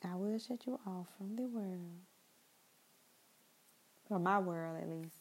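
A woman's voice: on the low side, slow, breathy edge, rough recording. A young woman talking in a casual, rambling monologue, repeating herself and speaking straight to her listeners.

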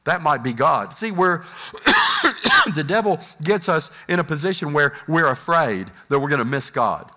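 Bright-voiced man preaching a sermon. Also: fairly high pitch, very animated, unhurried. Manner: preaching to a congregation, acting out inner doubts. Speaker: pastor.

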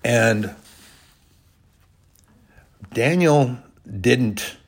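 A man delivering a sermon, his voice at an ordinary middle pitch. He retells a scripture story, now swelling loud and fast, now sinking low and slow. He reads the old verses in formal, old-fashioned phrasing. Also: expressive. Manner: swings between loud bursts and quiet, drawn-out lines. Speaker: preacher.

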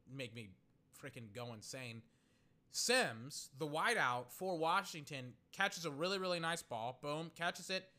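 Excitable young man ranting about football. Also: on the high side. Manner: excitable, ranting, swings between muttered play-by-play and loud outbursts. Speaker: sports commentator. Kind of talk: casual live game commentary.

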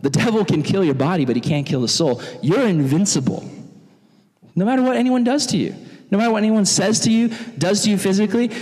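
A man preaching to young people as their pastor, animated and jokey, acting out quotes in funny voices. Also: high voice. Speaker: youth pastor. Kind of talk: sermon. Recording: long hall reverb.

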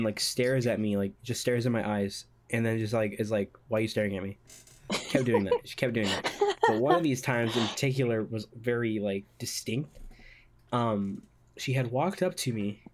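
A podcast host, a man at an ordinary middle pitch, tells a story in casual chat. He talks haltingly, with many restarts and fillers, and acts out his own past lines. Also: a little mellow.

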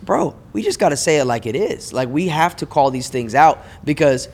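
A man's voice: a little high, lively intonation, moderate pace, a little mellow, faint music behind. A man co-hosting a faith podcast, talking in a fervent, exhorting way and repeating words for emphasis. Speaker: podcast co-host.

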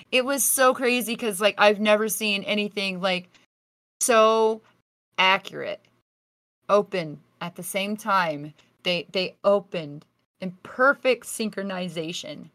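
A woman's voice: medium pitch, sharp tone, no echo. A woman podcast guest telling a story in a casual, vivid way, swearing freely.

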